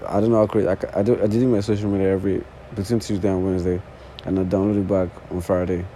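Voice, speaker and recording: A young man in his early twenties with a non-native English accent hosts a podcast, rambling casually in an unscripted solo monologue while sitting on the floor indoors. His voice is low and mellow with a flat delivery at a racing pace, and he swears often and repeats false starts. The recording is rough, with slight background noise.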